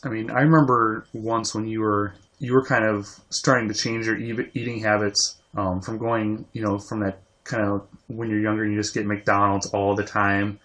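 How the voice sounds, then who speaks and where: A man's voice: lowish voice, little pitch movement, normal speed, hardly any pauses, a bit bright. A man co-hosting a podcast, laid-back, mostly agreeing briefly and sometimes rambling through a recollection. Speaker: podcast co-host. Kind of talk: casual chat.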